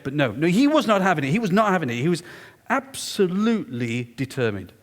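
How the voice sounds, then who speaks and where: Man, lecturer, animated storytelling, echoey lecture hall. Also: fairly high pitch, brisk. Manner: animated, confiding, emphatic. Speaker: guest lecturer.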